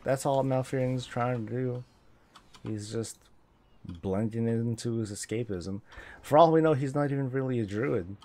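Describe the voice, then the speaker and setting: A man's voice: medium pitch, normal speed, darkish tone. A man chatting casually on a game stream, rambling and joking, laughing often between thoughts, speaking into a desk mic. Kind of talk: casual stream chat while gaming.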